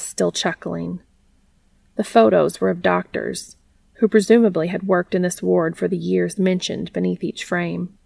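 A woman narrates a story aloud in a steady, plain way. Her voice is low and strongly gravelly with lots of vocal fry. The recording is close and dry. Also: dry recording. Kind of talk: reading fan fiction aloud.

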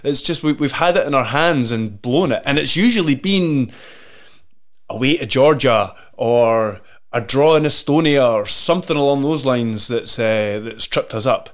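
A man's voice: mid-range voice, lively intonation, moderate pace. Scottish male podcast host, drunk, casual, swears freely. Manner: swearing, laid-back. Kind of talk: casual football chat.

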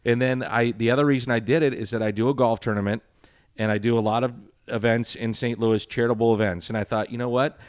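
A man's voice: mid-range voice, fairly even intonation, fast, clear, resonant tone, dry recording. A middle-aged man, a sports broadcaster answering interview questions in a dry, sarcastic, rambling way.

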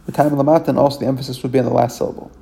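A man's voice: mid-range voice, fairly even intonation, racing, creaky, warm tone. A man teaching a religious text, reading each verse aloud and then translating it phrase by phrase, with frequent fillers and self-corrections. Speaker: Torah teacher.

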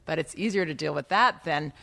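A woman with a deep voice talks as a guest author, soft and reflective. She offers gentle advice in a relaxed conversation. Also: a little fast, vocal fry. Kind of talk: casual conversation.

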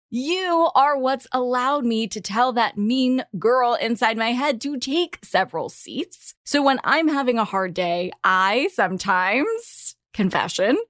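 A woman's voice: fairly high pitch, dry recording, studio quality. A woman hosting her own podcast, talking in a candid, emphatic and playful way. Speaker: podcast host. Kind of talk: scripted podcast monologue.

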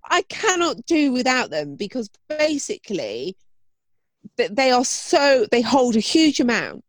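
A woman's voice: a little high, sing-song, a little slow, dry recording. A woman co-hosting a podcast, chatting enthusiastically. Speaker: podcast co-host. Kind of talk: casual chat.

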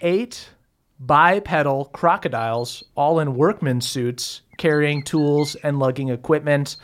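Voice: mid-range voice, slow. A game master narrating a tabletop game in a casual, hesitant way with many fillers.

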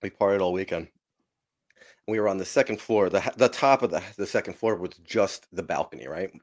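A man's voice: deep voice, brisk, dry recording, studio quality. A man from New Jersey, a podcast guest, telling a long profane story in a rambling, self-interrupting way. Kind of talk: casual storytelling.

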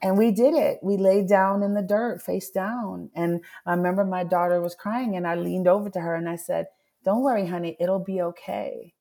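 A woman's voice: on the low side, steady tone, normal speed, creaky, hardly any pauses, warm tone. A middle-aged woman, an author being interviewed, telling a personal story earnestly and voicing her own thoughts aloud. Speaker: author and guest. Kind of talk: candid interview conversation.

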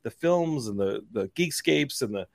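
Gravelly man in his forties. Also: medium pitch, moderate pace, no room sound, studio quality. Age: 40s. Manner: animated, acts out dialogue in quoted voices. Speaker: podcast host. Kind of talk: casual chat, storytelling.

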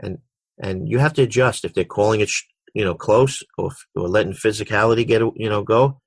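Man, basketball coach, middle-aged, lowish voice, dry close sound, restarts often. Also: brisk, vocal fry, breathy edge, dry recording. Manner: repeats words and restarts often, tells anecdotes. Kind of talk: conversational interview answers.

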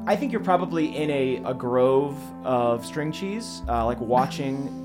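A man running a tabletop role-playing game as game master, narrating scenes in a lively storytelling way and laughing often. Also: mid-range voice, unhurried, music in the background.

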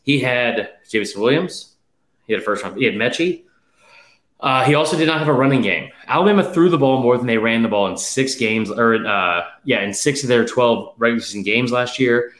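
A man's voice: medium pitch, a bit bright, echoey room. A man hosting a casual sports betting chat, rattling off stats emphatically, slightly out of breath. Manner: rapid stat-heavy, emphatic, with fillers. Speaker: podcast host.

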